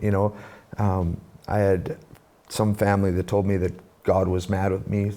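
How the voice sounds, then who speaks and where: Gravelly, dark-voiced man telling his story. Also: low voice, moderate pace. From Canada. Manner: animated storyteller, acts out quoted voices. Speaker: guest, musician and speaker. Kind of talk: conversational storytelling.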